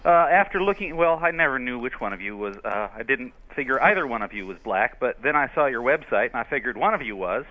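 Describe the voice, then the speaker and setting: A man's voice: medium pitch, expressive, fast, hardly any pauses, dry recording. A man calls in to a radio show and rattles off a rambling, jokey question at speed. His voice sounds muffled and lo-fi over the phone line. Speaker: caller. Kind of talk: call-in question.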